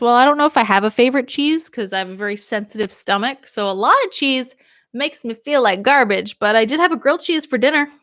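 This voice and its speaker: A woman's voice: fairly high pitch, fairly bright tone, no echo, clean studio sound. A young woman from Maine, a radio DJ, rambling casually on a livestream while a little tipsy from drinking. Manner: chatty and rambling, laughs often.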